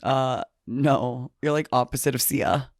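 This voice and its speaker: A man's voice: medium pitch, steady tone, measured pace, gravelly. A man co-hosting a podcast in casual chat, answering with brief, teasing replies. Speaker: podcast co-host.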